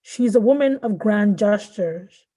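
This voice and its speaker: Mellow-voiced woman reading her fiction. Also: mid-range voice, lively intonation, unhurried. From born in Nigeria, raised in Southern California. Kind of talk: literary reading.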